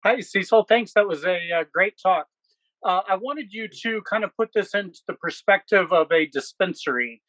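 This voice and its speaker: A man's voice: sits high, lively intonation, moderate pace, fairly bright tone, no room sound, rough recording. A man asking a question on a video call, hesitant and full of fillers. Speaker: audience member asking a question.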